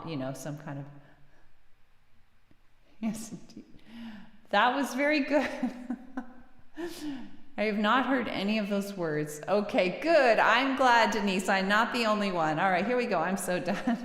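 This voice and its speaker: High-pitched lady host reading out viewer names, slow easy talk, echoey room. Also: fairly bright tone. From United States. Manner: chatty and giggly, reads viewer names aloud. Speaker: singer-songwriter livestream host. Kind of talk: casual chat with live chat readers between songs.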